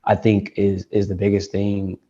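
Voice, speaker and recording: A man's voice: on the low side, monotone, normal speed, mellow, slightly rough. A man from Detroit, a tech founder being interviewed, talking casually and rambling with lots of "like" and restarts. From Detroit, United States. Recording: dull lo-fi call audio.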